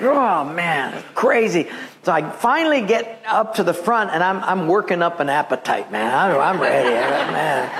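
A man preaching a sermon in a church, telling stories and acting out the people in them. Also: a little high. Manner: animated, acts out voices and quotes, laughs with the congregation. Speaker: pastor. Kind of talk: sermon with storytelling. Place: church with a live congregation.

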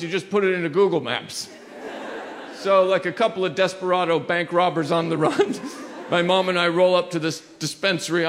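Male stand-up comic, dry understated storyteller, slightly high voice, noisy live recording. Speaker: stand-up comedian.

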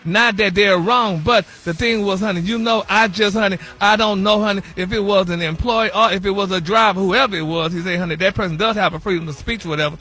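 A man's voice: high-pitched, fast talker, few pauses, bright, forceful tone, breathy edge, faint music behind, full character voice. A man playing a flamboyant, sassy gossip host on a morning radio show, calling everyone honey and y'all. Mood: indignant. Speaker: celebrity gossip correspondent. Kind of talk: comedic radio gossip bit.

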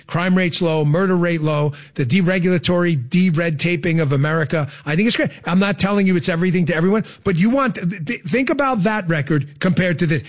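A male radio talk show host delivering political commentary in a sarcastic, incredulous rant. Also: sits high. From Florida resident.

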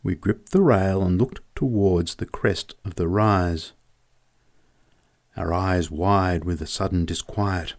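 A man's voice: deep voice, slow. A man narrating a story in a vivid, descriptive reading.

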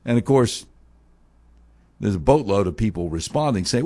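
A man's voice: fairly low pitch, lively intonation, normal speed, pauses often, dark tone. A man hosting a talk show, delivering a heated, sarcastic opinion monologue full of mocking rhetorical questions.

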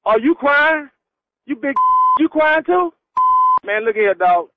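A man's voice: very high voice, lively intonation, takes it slowly, very noisy. A man on a phone call who brushes off the caller, defiant and laughing. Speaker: prank call target. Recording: tinny phone line.

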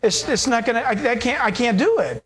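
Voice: mid-range voice, lively intonation, fairly quick, close to an everyday voice. A preacher voicing a flustered male relative who stammers and keeps backpedaling. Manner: eager, then backpedaling, stammering.

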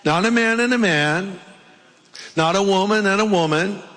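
Man, pastor, sermon, jokey asides, high pitch, reverberant hall. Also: moderate pace, a bit bright. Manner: jokey, puts on playful accents.

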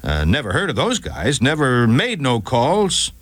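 A man's voice: mid-range voice, wildly swooping pitch, a little slow, fairly bright tone, heavily acted. A man doing a sullen, cornered dealer. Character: shifty male drug dealer, cornered.

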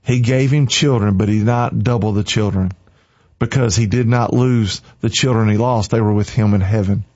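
A man's voice: fairly low pitch, steady tone, moderate pace, a little mellow. A man preaching an informal sermon with fervent, punchy, repeated exhortations. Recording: slightly dull lo-fi recording.

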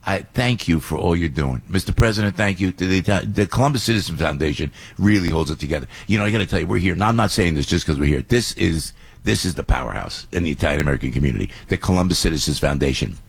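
A middle-aged man, hosting a radio show and telling a rambling, excitable story. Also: low voice, fast talker, gravelly, breathy edge, no room sound. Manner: excitable, rambling, acts out other voices. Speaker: radio host.

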